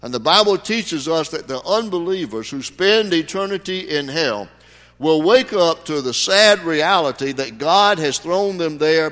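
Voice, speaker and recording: A man's voice: fairly high pitch, a bit bright. A man preaching a sermon as pastor, folksy, with sudden emphatic rises. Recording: long hall reverb.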